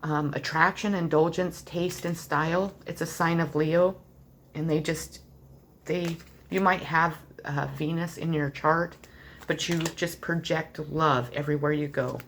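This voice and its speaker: A woman's voice: deep voice, steady tone, measured pace, slight background noise. A woman giving a tarot card reading to the viewer, speaking in an earnest, heartfelt way, loose and rambling with many fillers. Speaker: tarot reader.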